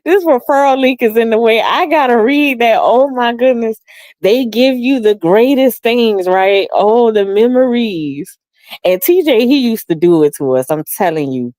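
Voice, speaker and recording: Animated woman host telling stories. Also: normal speed, no echo, clean studio sound. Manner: animated, laughs often, acts out quotes in high voice. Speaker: livestream host reading chat comments. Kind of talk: casual storytelling chat.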